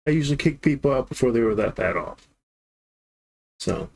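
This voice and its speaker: A man's voice: medium pitch, fairly quick, vocal fry, breathy edge. A man in his thirties streaming games and telling a long, rambling story, acting out the dialogue as he goes. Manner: rambling, animated storyteller who acts out the dialogue. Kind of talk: casual storytelling on a live stream.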